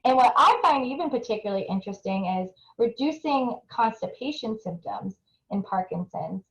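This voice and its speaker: A woman's voice: fairly high pitch, animated, moderate pace, roomy sound, poor audio. A young adult woman giving an earnest, explanatory research presentation, often restarting her phrases. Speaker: nutrition researcher presenting a webinar. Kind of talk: presentation talk with audience poll.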